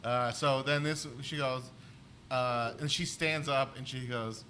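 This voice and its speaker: Bright-voiced man telling rambling stories. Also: medium pitch, fairly even intonation, measured pace, a little hiss or hum. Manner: rambling anecdotes full of "like". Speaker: comedian podcast co-host. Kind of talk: casual chat, storytelling.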